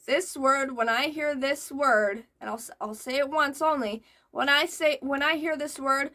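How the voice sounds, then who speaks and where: A young woman with a high-pitched voice hosts a reaction video, reading posts aloud and interrupting with loud, exasperated outbursts.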